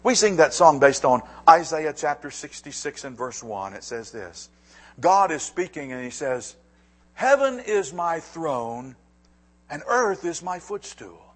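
Man, pastor, sermon, husky, slightly high, hushed to emphatic, wide pitch swings. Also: big pitch swings, measured pace. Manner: dramatic swings from hushed asides to raised, emphatic declarations.

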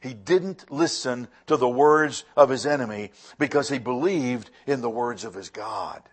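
A man preaching a sermon as pastor, swinging between loud emphatic lines and hushed, quiet ones. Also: medium pitch, unhurried, breathy edge.

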